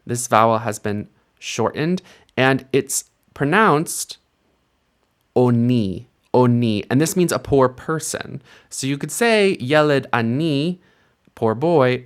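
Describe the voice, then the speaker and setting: Guy teaching hebrew vowels real slow, says each word twice, mid-pitched voice, patient. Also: expressive, smooth. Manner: patient, repeats each word slowly for the learner. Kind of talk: slow, careful language lesson.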